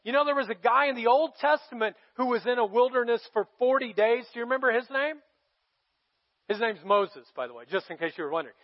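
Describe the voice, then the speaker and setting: High-voiced pastor preaching casually. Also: male voice, expressive, a little fast, highs cut off. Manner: casual storytelling with bursts of emphasis. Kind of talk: sermon.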